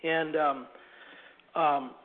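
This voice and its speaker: A man preaches and tells stories from the pulpit in a fairly high voice. He stumbles and repeats words as he goes. The sound is narrow and tinny, like a phone line. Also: fairly even intonation. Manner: halting, repeats words, clears throat and coughs. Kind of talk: sermon storytelling.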